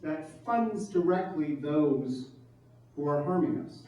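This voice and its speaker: A man's voice: fairly high pitch, lively intonation, slow, a little mellow, slight background noise. A man giving a campaign speech to an audience, emphatic and fond of rhetorical questions. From New York. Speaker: political candidate. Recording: distant mic, echoey room, dull sound.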